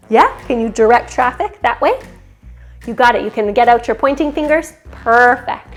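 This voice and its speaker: A woman's voice: a little high, animated, moderate pace, soft background music. Cheerful woman leading a kids yoga class. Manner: cheerful, encouraging, sings short chants and makes animal and siren sounds. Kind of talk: children's yoga class with sing-along.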